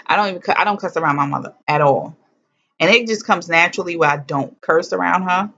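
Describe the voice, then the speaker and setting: A woman's voice: on the low side, a bit bright. A woman vlogger telling a personal story in a candid, humorous and blunt way, swearing freely. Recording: dull lo-fi sound.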